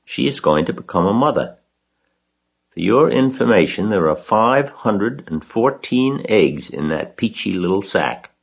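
A man's voice: fairly low pitch, sing-song, measured pace, vocal fry, husky, highs cut off, voice pushed up, heavily acted. A man voicing an earnest young male pig, speaking in a raised, pleading tone. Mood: indignant.

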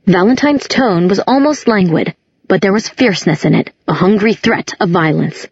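A woman narrating a novel in a steady, measured reading. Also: on the low side, slightly rough, no echo. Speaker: audiobook narrator. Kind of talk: scripted narration. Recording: dull, muffled recording.

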